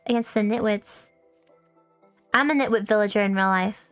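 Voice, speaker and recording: With faint music in the background, a VTuber streams a video game and chats casually, cursing often and teasing herself as she rambles. She's a young woman with a medium-pitched voice, a moderate pace and long pauses, recorded with no echo.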